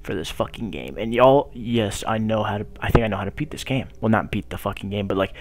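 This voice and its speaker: A young man giving loud, profane gameplay commentary, hyped up and talking back to the game on screen. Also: fairly low pitch, quick pace. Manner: loud, hyped, swears constantly, talks to the game. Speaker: gaming YouTuber.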